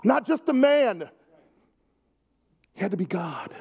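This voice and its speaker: A man's voice: high-pitched, big pitch swings, takes it slowly, creaky, a little mellow, breathy edge. A man preaching a sermon to his congregation, earnest with wry asides. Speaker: pastor.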